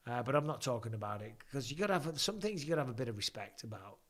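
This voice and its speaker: A man's voice: mid-range voice, animated, racing, a bit bright. A middle-aged man, chatting casually with viewers and commentating a fight live, swearing freely. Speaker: host.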